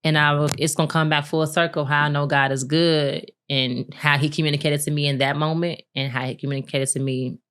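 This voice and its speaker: Low-voiced woman telling a personal story. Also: brisk, few pauses, smooth. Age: adult, married with a son. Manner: candid, animated retelling with laughs and acted-out quotes. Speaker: podcast co-host. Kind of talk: casual storytelling chat.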